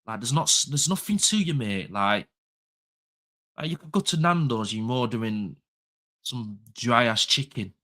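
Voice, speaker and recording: A man's voice: mid-range voice, lively intonation, unhurried, bright, forceful tone. A young man, talking football as a pundit in a heated casual chat. He is passionate and blunt, swears freely and repeats his points for emphasis.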